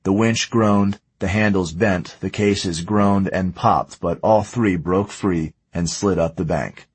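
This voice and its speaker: A man reading a story aloud in a measured, steady way. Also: low-pitched, breathy edge, no echo. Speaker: audiobook narrator. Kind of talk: scripted narration.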